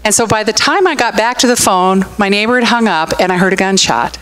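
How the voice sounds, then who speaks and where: A woman's voice: mid-range voice, expressive, a little fast, a bit bright, clean tone, soft background music, poor audio. A middle-aged woman pastor giving a conversational sermon, telling stories and asking the congregation questions. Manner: chatty, storytelling, asks the room questions.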